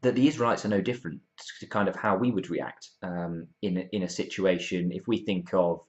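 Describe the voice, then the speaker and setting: A man's voice: sits low, a little fast, dull audio. A man giving a casual Bible talk, informal, with many ums and restarts as he acts out quotes. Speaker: youth Bible talk presenter.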